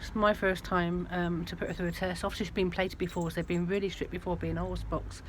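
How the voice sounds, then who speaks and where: A woman's voice: on the low side, flat delivery, fast talker. A woman vlogging casually to camera from her van, chatty and rambling. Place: in and around a van. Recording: loud vehicle noise.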